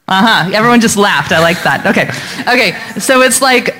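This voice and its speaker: A woman speaking as a missionary guest to a church congregation on a handheld mic in a church hall, encouraging and quick to laugh. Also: mid-range voice, expressive, a bit bright. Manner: slows down to teach pronunciation.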